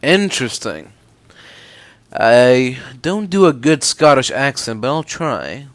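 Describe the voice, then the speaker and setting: A man's voice: medium pitch, slow, no echo. Brief: male let's player, casual and offhand, mid-range voice. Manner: relaxed, offhand. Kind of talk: casual game commentary and reading.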